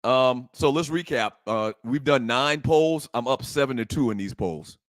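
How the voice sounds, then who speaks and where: A man's voice: medium pitch, normal speed. A man co-hosting a sports talk podcast, casually ribbing his brother and laughing often. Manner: teasing, playful, laughs often. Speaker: podcast co-host.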